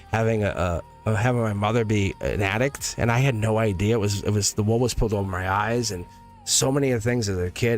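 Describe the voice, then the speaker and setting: A man in his forties hosting a live tarot stream, talking in an emphatic, rambling way and laughing between points. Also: lowish voice. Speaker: tarot reader and livestream host.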